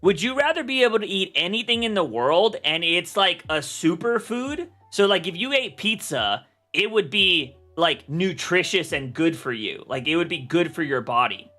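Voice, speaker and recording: Bright-voiced young man, rambling stream chat. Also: high voice, lively intonation, normal speed, few pauses. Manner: rambling, lots of "like" and restarts. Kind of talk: casual livestream chat.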